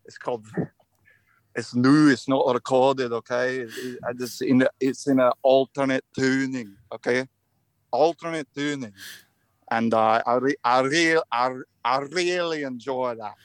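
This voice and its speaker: A brash, foul-mouthed Scottish rocker lad, as a man puts him on in a deliberately shaky Scottish accent. He brags, swears freely, and slips in and out of the accent. The sound is dry and close. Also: mid-range voice, fairly even intonation, no room sound, natural voice. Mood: boastful. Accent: put-on Scottish, admittedly poor. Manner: profane, boastful, wavering accent.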